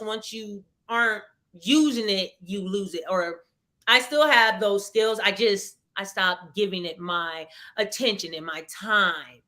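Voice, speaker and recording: A woman's voice: medium pitch, pushed and bright. A woman in her thirties telling a personal story in a live webinar, earnest and reflective, often restarting her sentences. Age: 30s. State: tearful at moments. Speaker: webinar guest.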